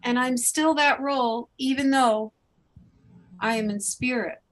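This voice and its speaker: A woman channeling a tender, soft-spoken mother in spirit. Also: high voice, measured pace, low-quality recording. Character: loving departed mother speaking from spirit.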